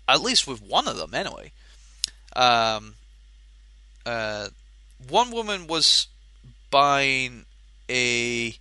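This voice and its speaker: A man's voice: a little high, sharp tone, no echo. A Scottish man co-hosting a podcast, ranting in exasperation with lots of swearing and stumbling restarts. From Scotland. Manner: restless, stumbling, self-interrupting delivery. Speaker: podcast co-host and game shop worker. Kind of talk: casual podcast rant.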